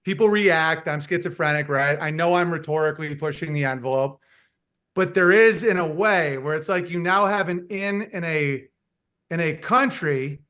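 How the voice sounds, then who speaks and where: High, bright-voiced man riffing loosely. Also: normal speed. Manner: rambling, animated, mimics voices, laughs at his own jokes. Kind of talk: casual chat.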